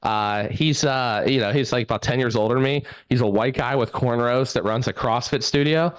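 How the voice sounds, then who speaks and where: A self-deprecating stand-up comic from southwestern Pennsylvania, talking through a laptop at home. His voice sits at an ordinary middle pitch, and the sound is dry with no room around it. He rambles, stacks fillers, and undercuts himself. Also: normal speed, clean tone, no echo. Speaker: stand-up comedian. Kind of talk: stand-up set.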